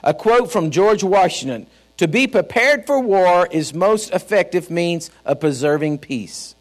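This Texan-accented pastor speaks a little slowly in a high-sitting, animated voice. Preaching to his church, he tells stories in a folksy, emphatic manner.

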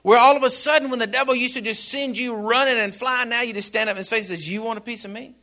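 Older man, preaching, high bright voice, jokes then shouts. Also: steady tone, quick pace. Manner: humorous, swings from soft asides to shouts. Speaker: pastor. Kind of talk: sermon.

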